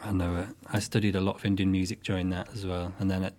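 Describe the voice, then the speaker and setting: A man's voice: low voice, level tone, quick pace. A man from the northwest of England, a guest musician explaining his craft in a casual interview, thoughtful and often restarting his sentences. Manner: thoughtful, with frequent restarts and soft fillers.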